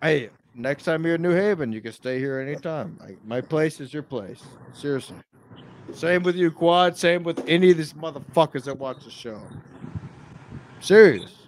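Drunk, pushy man with high voice. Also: animated, normal speed, poor audio. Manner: loud, repetitive, pushy. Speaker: podcast host. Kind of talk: casual chat.

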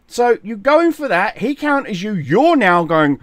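A man giving mocking, profane commentary on a fight, scornful and animated. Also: high voice, measured pace, hardly any pauses, no echo. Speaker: gaming and boxing commentator.

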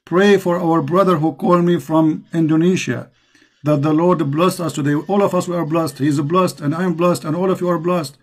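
A man's voice: on the high side, steady tone, normal speed. A man with an Arabic accent preaching with passion and repetition to a caller as the host. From Middle East.

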